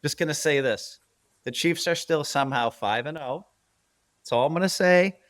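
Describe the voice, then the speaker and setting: Male podcast host, high-pitched, bantering rant delivery, dry recording. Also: normal speed, a bit bright, dry recording. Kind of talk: casual sports betting podcast rant.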